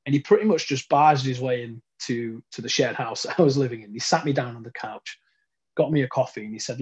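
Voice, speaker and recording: A man's voice: mid-range voice, brisk, a little mellow, breathy edge, muffled recording. A British man, a professional wrestler, earnestly telling his own life story as a personal testimony. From United Kingdom.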